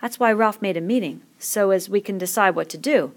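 A woman's voice: mid-range voice, a little fast, lightly acted. A woman voicing a timid, earnest young boy with glasses, eager to help.

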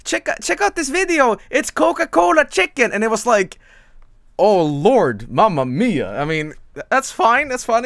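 A man rambles through a casual stream, tripping over his words and laughing as he goes. His pitch jumps up and down a lot. The sound is dry and close, with no room echo. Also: fairly bright tone. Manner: rambling, stammering, laughing often. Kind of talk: casual live-stream chat.

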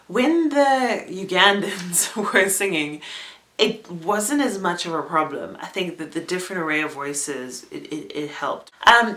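A woman's voice: medium pitch, bright, forceful tone. A young woman giving a casual spoken theatre review, chatty and breaking into small laughs as she talks. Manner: chatty, laughs often between words.

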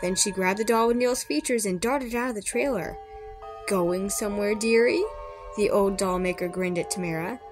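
A woman's voice: mid-range voice, a little fast, hardly any pauses, over music. A woman reading a children's horror story aloud expressively, with small slips and rereads. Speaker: storybook reader.

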